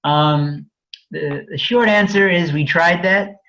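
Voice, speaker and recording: A man's voice: fairly high pitch, slow pace, sharp tone, highs cut off. A man presenting a fair housing webinar, explaining in a candid, conversational way with frequent restarts. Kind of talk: webinar lecture.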